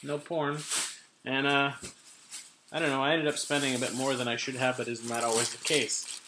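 A man's voice: medium pitch, level tone, moderate pace, reverberant, heavy background noise. A man in his thirties rambling casually at his laptop camera at home, making self-deprecating asides. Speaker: vlogger. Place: home room with kitchen items.

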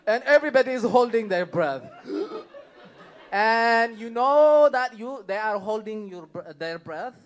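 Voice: mid-range voice, lively intonation, normal speed, hardly any pauses. A stand-up comedian working a live room, talking in loose, looping sentences stuffed with "like, you know." The delivery is casual and giggly, with the comic chuckling through the punchlines. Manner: chatty, heavy "like, you know" fillers, laughing at own jokes. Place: comedy club stage before a live audience.

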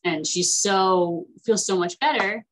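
A woman teaching an online class in a chatty, animated way, acting out the characters as she retells stories. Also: medium pitch, slow, low-quality recording.

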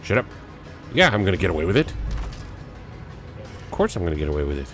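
A man with a low voice and a cold talks through his gameplay, panicking, joking, and swinging his pitch up and down with every new threat. Loud game music runs behind him the whole time. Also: sing-song, quick pace. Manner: frantic, jokey reactions. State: has a cold. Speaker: let's play gamer. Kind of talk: gaming commentary.

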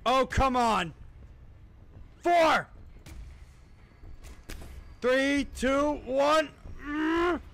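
A man streaming a horror game, swearing and reacting out loud as he plays. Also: very high voice, drawn-out words, pauses often. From United States. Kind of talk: horror game livestream commentary.

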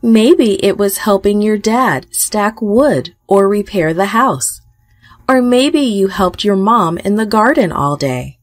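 A woman telling a Bible story for children in a gentle, expressive reading. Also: medium pitch, slow pace, dry recording, clean studio sound. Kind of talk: scripted narration for children.

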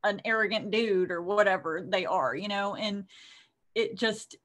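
A woman's voice: medium pitch, normal speed, fairly bright tone. A woman author co-hosting a casual podcast, talking in a chatty, rambling way full of fillers. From United States. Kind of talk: casual chat.

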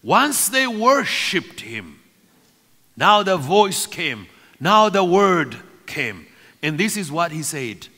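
High-voiced preacher in a reverberant church. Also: male voice, sing-song, slow pace, bright, forceful tone, breathy edge. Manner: emphatic, repetitive preaching cadence. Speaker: pastor. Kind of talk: sermon. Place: church sanctuary.

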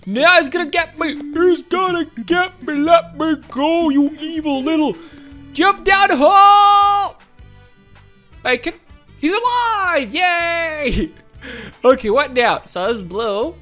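A woman hosting a gaming channel, giving excitable, playful let's-play commentary with frequent laughs and shouts. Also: very high voice, takes it slowly, faint music behind.

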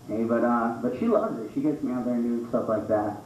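A man doing a stand-up comedy set on a small club stage, jumping into high squeaky voices for the characters in his stories. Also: fairly quick. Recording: roomy, distant, dull club recording with noise.

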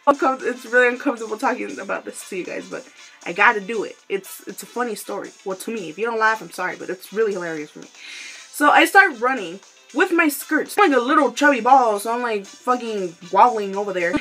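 Young woman vlogging a story, kinda high voice, giggles a lot, swears, keeps saying sorry, faint music behind. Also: lively intonation, fast, fairly bright tone, rough recording. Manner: giggly, breaks into laughter often; candid and profane, apologetic asides. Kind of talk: casual storytelling vlog. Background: faint instrumental music.

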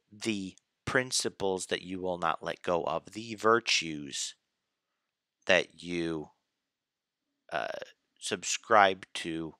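A man slowly thinking aloud in a casual philosophy discussion, hesitant, with restarts. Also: deep voice, sharp tone, no echo, studio quality. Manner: slow, hesitant, with restarts and sighs.

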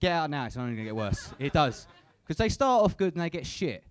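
Another crude, sweary comedy-club routine from a young man, his fairly high voice swinging widely in pitch at a quick clip. He keeps adding tag questions like "innit" to his lines.

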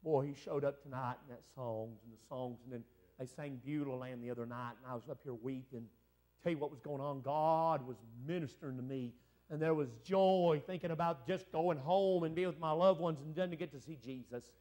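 A man preaching a revival sermon as an evangelist. He swings from loud shouting to hushed, emotional storytelling. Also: fairly high pitch, brisk. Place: church sanctuary.

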